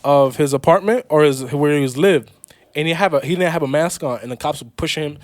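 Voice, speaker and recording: Rambling New York man, slightly high voice. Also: fast talker, no echo. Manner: rambling, restarts, tells the news. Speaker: podcast co-host. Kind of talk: casual chat.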